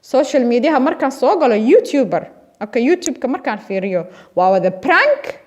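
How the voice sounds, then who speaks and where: Impassioned woman, lively pitch. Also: fairly quick. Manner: switches between Somali and English, pleading and scolding. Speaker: community vlogger. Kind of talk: impassioned appeal to camera.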